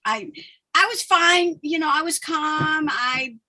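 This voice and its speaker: A woman hosting a podcast, telling a personal story in animated, rambling casual chat with frequent laughter. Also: sits high, slow, noisy background. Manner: rambling with many restarts. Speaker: podcast host.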